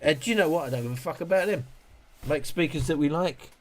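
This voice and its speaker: A man's voice: on the high side, quick pace, darkish tone, a little hiss or hum. A man hosting a casual livestream, rambling and joking while he moans and swears. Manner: rambling, joking, moaning with frequent laughs and swearing. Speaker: livestream host reviewing speakers.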